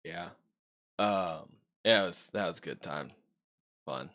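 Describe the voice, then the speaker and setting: This podcast co-host speaks slowly in a deep voice, keeping the casual chat easygoing. He rambles with plenty of fillers and laughs softly.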